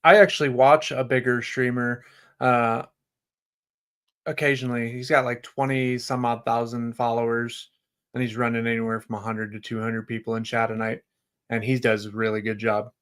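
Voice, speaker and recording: A man's voice: mid-range voice, level tone, moderate pace, a bit bright. A man being interviewed on a streaming podcast, speaking in an easygoing, earnest way and laughing often. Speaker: streamer guest. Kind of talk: casual interview chat.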